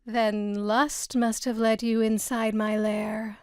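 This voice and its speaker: A woman reading the part of a lewd, taunting demon-possessed teenage girl, with slow, sneering menace. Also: on the high side, level tone, a little mellow, clean tone, no echo, clean studio sound. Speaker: actor in a scene reading. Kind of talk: staged script reading.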